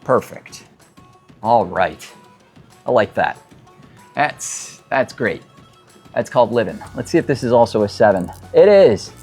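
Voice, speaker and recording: A man's voice: lowish voice, very animated, a little slow, long pauses, darkish tone, breathy edge, faint music behind. Rambling, chatty mechanic man. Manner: rambling, chatty, self-deprecating storyteller. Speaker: mechanic and show host. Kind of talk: casual talk while working on a car. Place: car workshop.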